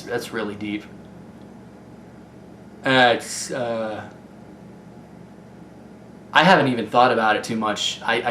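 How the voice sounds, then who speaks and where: A man's voice: mid-range voice, a bit bright. A young man from Ohio with a Midwestern American accent, a gaming YouTuber answering viewer questions in a rambling, candid way with lots of fillers. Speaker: YouTube gaming video maker. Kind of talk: casual Q&A vlog. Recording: echoey room with faint noise.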